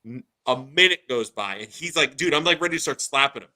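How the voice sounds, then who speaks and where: A man in his thirties hosting a casual podcast, telling a story in an animated way and saying "dude" a lot. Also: medium pitch, brisk, poor audio. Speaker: podcast host.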